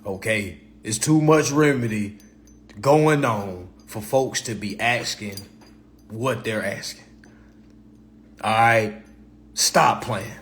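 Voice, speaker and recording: A man hosting a livestream in a blunt, profane, passionate rant, repeating himself and swinging between loud and low. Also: slow pace, long pauses, a little hiss or hum. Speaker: livestream host.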